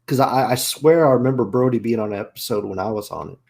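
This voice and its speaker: A man co-hosting a podcast, chatting casually and making quick jokes. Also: mid-range voice, gravelly, a little mellow. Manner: joking, quick reactions. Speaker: podcast co-host. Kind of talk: casual chat.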